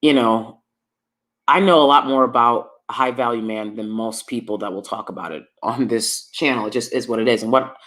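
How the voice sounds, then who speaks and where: A woman's voice: rumbling low, normal speed, fairly bright tone. A woman vlogger giving opinionated commentary to her viewers from downstairs at home, emphatic and repeating lines for effect.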